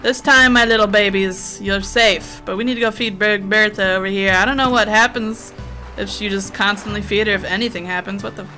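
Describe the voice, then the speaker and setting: A woman playing a video game and commentating, excitable and swearing heavily as she scolds the creatures. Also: mid-range voice, a little fast. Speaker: let's play gamer. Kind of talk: let's play commentary. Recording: game music playing underneath.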